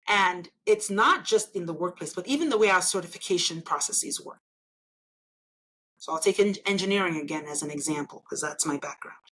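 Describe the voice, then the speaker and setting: Heard through a rough recording, a Nigerian woman with a fairly bright, low-leaning voice is interviewed conversationally as a guest. She is an engineer and elected official who argues persuasively and with emphasis, often finishing points with "right?".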